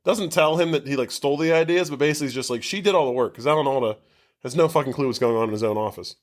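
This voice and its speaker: A podcast co-host recaps a movie's plot in a loose, casual chat, rambling as he goes. He talks in rapid-fire bursts at an ordinary middle pitch, swearing freely and saying "like" constantly.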